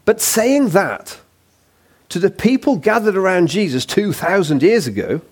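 Lively husky preacher. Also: male voice, high-pitched, unhurried. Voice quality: husky, lively and conversational, with playful asides. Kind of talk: sermon. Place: church.

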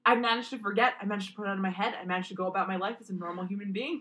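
A woman co-hosting a casual fan podcast, animated and swearing freely, who often loses her train of thought. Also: mid-range voice, rapid-fire, few pauses, low-quality recording. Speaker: podcast co-host.

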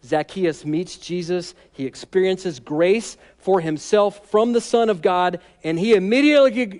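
Male pastor, high pitch, casual humorous sermon delivery. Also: measured pace, few pauses, a little mellow. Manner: conversational, humorous, emphatic.

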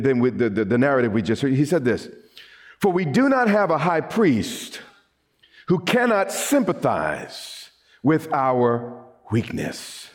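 A middle-aged man preaching a sermon, animated, with repeated phrases and quick restarts. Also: fairly high pitch. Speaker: pastor.

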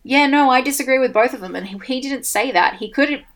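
A woman's voice: sits high, a little fast. Chatty laughing woman co-host. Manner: animated, laughs often, reads quotes aloud. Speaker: co-host reacting to a debate. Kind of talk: casual commentary chat.

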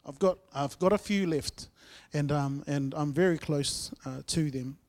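A man's voice: fairly high pitch, measured pace. Earnest New man giving testimony. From New Zealand. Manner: earnest, heartfelt storytelling with loud and soft swings. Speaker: guest speaker sharing testimony. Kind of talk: church testimony.

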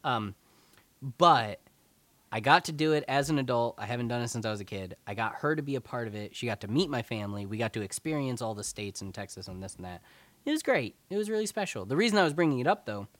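A man's voice: mid-range voice, lively intonation, quick pace, no echo. A man hosting a podcast, talking casually and animatedly, with lots of filler words and the odd swear. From New York. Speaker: podcast host. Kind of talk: casual chat. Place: home in Connecticut.

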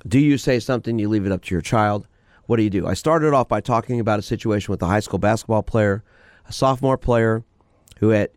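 Radio host, male, low voice, dry close sound, direct advice-giver. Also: darkish tone, no echo. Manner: direct, questioning, advice-giving. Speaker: radio show host, sport psychologist. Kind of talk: call-in radio talk.

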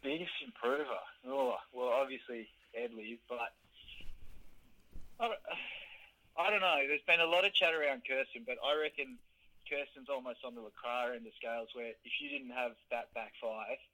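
Bright-voiced man, easy banter. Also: medium pitch, normal speed, low-quality recording. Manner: relaxed, opinionated sports banter. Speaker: podcast co-host. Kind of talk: casual chat.

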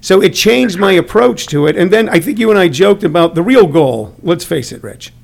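A man's voice: high voice, normal speed, vocal fry. A middle-aged man, a comedian who teaches comedy, chatting casually and acting out the people in his stories. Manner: animated storyteller, acts out quotes. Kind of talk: casual chat.

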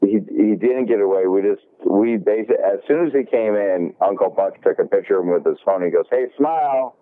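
On a dry, tinny line that sounds like a phone, a low-voiced man talks fairly quickly with no room sound. He works at a golf shop and is casually recounting something from his job, performing the back-and-forth and cursing liberally.

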